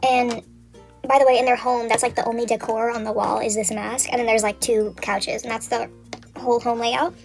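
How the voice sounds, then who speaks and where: Rambling, high-voiced young woman. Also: level tone, normal speed, vocal fry, faint music behind. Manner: rambling, swears a lot, heavy use of "like". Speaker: vlogger. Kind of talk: casual chat, retelling a story from memory.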